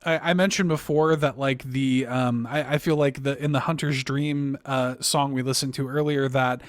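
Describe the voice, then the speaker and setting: A man co-hosting a podcast, talking in a halting, emotional way, with many restarts and fillers. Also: mid-range voice, fairly even intonation, no room sound. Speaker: podcast co-host. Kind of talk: casual podcast discussion.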